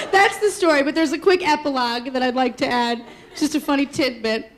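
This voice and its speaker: A woman telling a funny personal story on stage, animated and laughing as she talks. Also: high-pitched, fairly quick. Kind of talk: live comedic storytelling. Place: stage before a live audience. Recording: live room with crowd laughter and noise.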